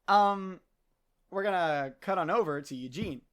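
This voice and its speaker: Man, game master, slightly high voice, halting, lots of ums. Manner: hesitant, filler-heavy, laughs often. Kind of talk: narrating a tabletop game.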